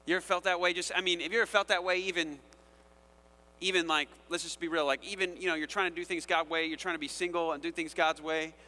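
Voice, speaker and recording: Bright, high-voiced preacher man. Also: quick pace, long reverb tail. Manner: casual, conversational, animated, asks the audience "right?". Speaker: pastor. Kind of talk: sermon.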